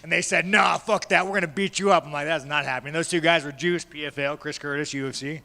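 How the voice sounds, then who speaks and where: A man's voice: a little high, fairly even intonation, fast talker, sharp tone. A man, a fighter at a media day, giving blunt, profane, rambling answers to reporters. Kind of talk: press scrum answers. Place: large media day room. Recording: echoey hall.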